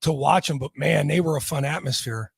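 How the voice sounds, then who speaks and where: A man with a husky, slightly high voice co-hosts sports radio as a former player, recalling old days in a relaxed way. He is close and dry on a studio microphone. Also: fairly quick, no echo. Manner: laid-back, recalls with fillers. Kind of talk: casual sports radio talk.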